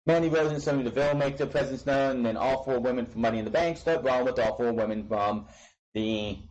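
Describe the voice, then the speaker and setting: A man's voice: medium pitch, a little mellow, low-quality recording. A young man recapping wrestling shows in a casual, opinionated way, blunt and ranting, with frequent restarts and casual swearing. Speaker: wrestling show reviewer.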